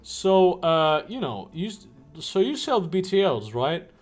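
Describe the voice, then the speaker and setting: Streamer type, man, joking and crude, high lively voice. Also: a little slow, faint music behind. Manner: joking, crude, rambling asides. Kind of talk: live game playthrough commentary.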